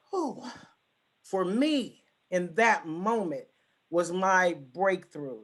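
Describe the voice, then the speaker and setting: A woman giving a personal testimony as a guest speaker, talking emphatically and repeating her key phrases for weight. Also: sits low. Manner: emphatic, repetitive storytelling.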